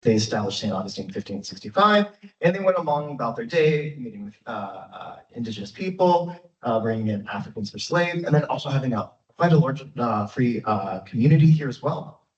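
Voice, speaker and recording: A man giving a public history lecture as a guest speaker, in a lively, conversational way with frequent fillers. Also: medium pitch, fairly quick. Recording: echoey, dull, from far off.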